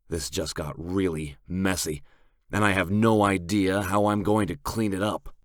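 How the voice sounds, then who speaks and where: Deep-voiced male audiobook narrator. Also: steady tone, normal speed, no echo, clean studio sound. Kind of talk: first-person romance audiobook narration.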